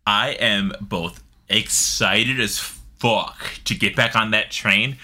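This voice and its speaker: A man co-hosting a casual gaming podcast, excitable, jokey and profane. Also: fairly low pitch. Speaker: podcast co-host.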